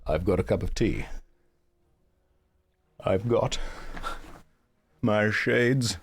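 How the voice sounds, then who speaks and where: Streamer guy, groggy morning voice, really deep, dry jokey chat. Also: extremely slow, long pauses. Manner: dry, joking, self-mocking. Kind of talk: casual live-stream chat.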